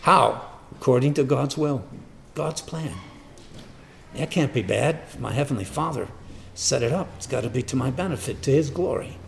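Man, pastor preaching, slow deliberate delivery, gravelly voice, emphatic repetition. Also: medium pitch, expressive, roomy sound, a little hiss or hum. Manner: emphatic, repeats and rereads lines, swings between quiet and loud. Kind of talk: sermon.

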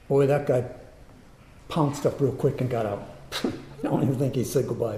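A man telling a personal story in a sermon, in an earnest, animated way. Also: medium pitch, moderate pace, long pauses, a little hiss or hum. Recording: roomy echo.

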